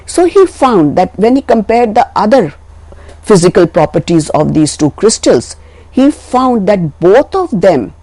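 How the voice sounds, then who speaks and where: A woman giving a recorded chemistry lecture, explaining step by step in a deliberate way and correcting herself as she goes. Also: mid-range voice, warm tone, dry recording.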